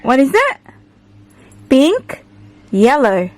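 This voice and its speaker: A woman's voice: sits high, huge pitch swings, drawn-out words, dry recording. A woman in her thirties with a Filipino accent, chatting and coaxing her baby in a casual family vlog. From Philippines. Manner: coaxing sing-song mother talk mixing English and Filipino. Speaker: family vlogger.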